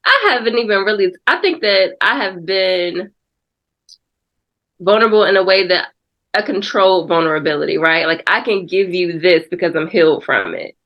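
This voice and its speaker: A woman's voice: fairly low pitch, expressive, moderate pace, dull audio. Reflective woman guest sharing testimony. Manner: reflective, testimonial, calls listener girl. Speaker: podcast guest. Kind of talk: casual faith podcast conversation.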